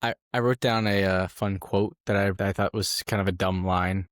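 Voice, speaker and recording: A man's voice: low voice, steady tone, normal speed, no echo, clean studio sound. A man co-hosting a movie podcast, talking casually and hesitantly with many restarts. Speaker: podcast co-host. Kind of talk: casual movie-review chat.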